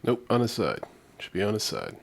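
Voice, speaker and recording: A man's voice: lowish voice, huge pitch swings, a little fast, creaky. Chatty self-deprecating man. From Connecticut. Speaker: reaction video host. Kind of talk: casual reaction commentary.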